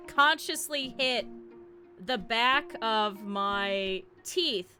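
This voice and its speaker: Streamer, woman, high and bright, animated and laughing, swears casually, desk mic with faint game music under her. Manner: animated, laughs often while telling stories. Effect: cartoon avatar streamer, talking over game music. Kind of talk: casual storytelling to chat.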